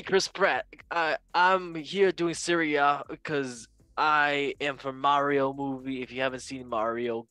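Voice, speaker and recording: A man putting on a goofy, boastful impression of a male film star, with loud joking and self-mocking rambling. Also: medium pitch, no echo, pitched above the performer's own voice, close to an everyday voice. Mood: hammy. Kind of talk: comedic impression.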